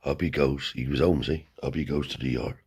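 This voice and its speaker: A man with a very low, husky voice tells a rough-edged tale from his past. He talks bluntly and swears freely, seated as he spins the story. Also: fairly quick. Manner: blunt, swears heavily, animated yarn-spinning. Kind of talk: casual spoken storytelling. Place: seated indoors.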